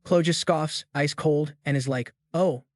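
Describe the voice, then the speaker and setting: A man's voice: a little high, steady tone, a little slow, dry recording, studio quality. A man narrating a story recap in a scripted, slang-heavy style with jokey asides.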